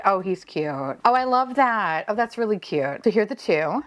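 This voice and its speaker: A woman's voice: mid-range voice, expressive, normal speed, hardly any pauses. A young woman chatting casually as she unboxes blind-box figures, swearing freely, gushing over them and laughing often. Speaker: vlogger unboxing blind boxes.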